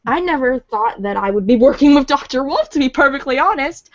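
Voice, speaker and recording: A woman voice actor chatting on a podcast, excitable and rambling, repeating words for emphasis. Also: high voice, brisk, no echo, muffled recording. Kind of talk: casual podcast chat.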